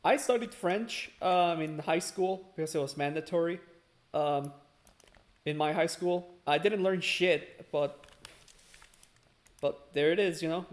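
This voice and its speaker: A man's voice: fairly high pitch, measured pace, pauses often. A young man in casual chat, offhand and blunt.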